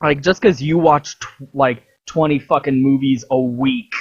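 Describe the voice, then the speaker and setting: A vlogger on a heated, profane rant, speaking at a middling pitch with a husky, breathy edge. The talk is loose and full of fillers, and the recording sounds dull and lo-fi. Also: fairly even intonation, measured pace, a little mellow. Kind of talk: casual ranting monologue.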